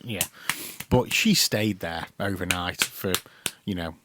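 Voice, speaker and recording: A man's voice: deep voice, slow, noisy background. A man from the telling a long story in casual chat as a podcast co-host, rambling with lots of ums, restarts and swearing. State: concussed.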